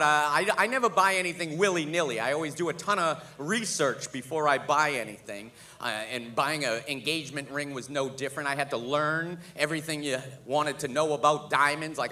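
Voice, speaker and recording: Brash, profane stand-up comic. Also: male voice, fairly high pitch. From Boston, USA. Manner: profane, animated storytelling. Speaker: stand-up comedian. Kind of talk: live stand-up comedy. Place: live theater stage.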